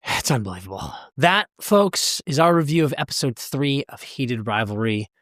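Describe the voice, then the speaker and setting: A man's voice: medium pitch, animated, moderate pace, fairly bright tone, no room sound, clean studio sound. A man hosting a podcast in casual chat, emphatic and swearing, talking to his listeners. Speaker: podcast host.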